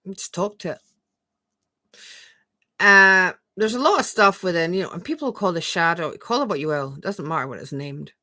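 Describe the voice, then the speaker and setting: Bright-voiced woman coaching on a live stream. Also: fairly low pitch, dry recording. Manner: gentle, repetitive affirmations, rhetorical questions; reads viewer comments aloud and answers them. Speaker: spiritual coach.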